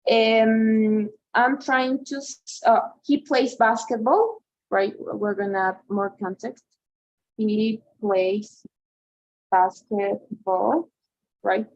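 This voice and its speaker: A woman tutor with a fairly high voice talks slowly, walking a student through examples and checking understanding at every step. The sound is dull and lo-fi, as over an online call. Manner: patient, explaining slowly with frequent "right?" and "okay?" checks. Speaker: English tutor. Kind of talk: online one-to-one lesson.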